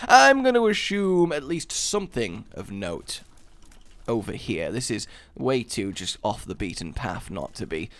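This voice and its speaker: A man's voice: lowish voice, gravelly, fairly bright tone. A man hosting a gaming channel, giving rambling, jokey let's-play commentary full of asides.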